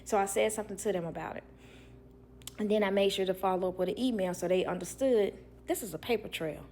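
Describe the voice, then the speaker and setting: A young woman who works as a nanny, telling a work story to viewers in a blunt, animated way. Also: medium pitch, quick pace, a little hiss or hum. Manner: blunt, animated, acts out others' lines.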